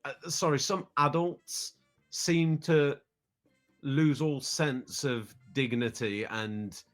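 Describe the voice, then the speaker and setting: A British man in his thirties, appearing as a podcast guest, tells a family trip story at a slow pace with soft music playing behind him. His medium-pitched voice wanders casually, and he often repeats words as he begins sentences.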